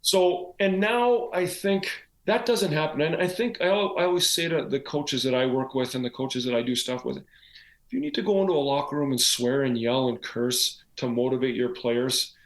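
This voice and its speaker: A man's voice: medium pitch, moderate pace, roomy sound. A man, a former pro hockey player turned coach, telling stories in a casual podcast conversation, often adding "like" and "right?". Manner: animated storyteller, frequent "like" and "right?".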